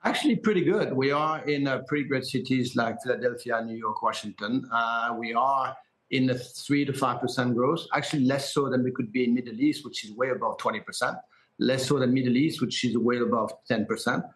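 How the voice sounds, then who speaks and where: A middle-aged man with a French accent, a hotel group's chief executive, giving quick, confident answers in a live TV business interview, with frequent "uh" fillers. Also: medium pitch, poor audio.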